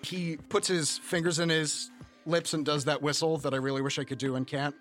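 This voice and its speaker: A man runs a tabletop game, narrating scenes in a loose, rambling way with many fillers. His voice sits a little high for a man. Faint music plays in the background. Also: little pitch movement, a little fast, fairly bright tone. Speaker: game master.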